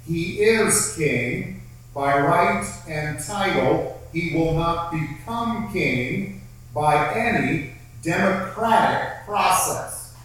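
A man preaching a sermon at a very unhurried pace, leaning on repeated phrases for emphasis. His voice sits a bit high for a man. It is heard from a distance in a large, strongly echoing hall. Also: expressive, fairly bright tone. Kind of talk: sermon with scripture reading. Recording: very echoey room, heard from far off.

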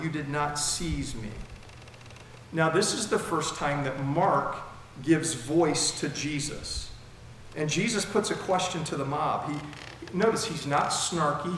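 A man's voice: on the high side, fairly bright tone. A male pastor preaching a sermon verse by verse, chatty and fond of rhetorical questions, in a large church hall. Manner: conversational, asks rhetorical questions. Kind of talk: expository sermon. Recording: very echoey hall, faint noise.

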